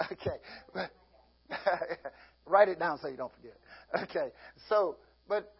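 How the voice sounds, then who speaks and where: Male pastor mid-sermon, high husky voice, folksy, laughs often, acts out little scenes. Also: lively intonation, very slow, pauses often, lo-fi sound.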